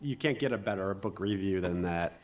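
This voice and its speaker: A man as a guest on a casual live stream, talking in halting bursts with restarts and laughs. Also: low-pitched, animated.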